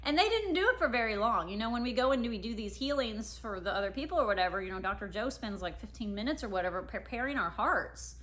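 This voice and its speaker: A woman's voice: fairly high pitch, lively intonation, fast talker, hardly any pauses, fairly bright tone. A woman in her thirties casually telling a personal family story, acting out her own past words.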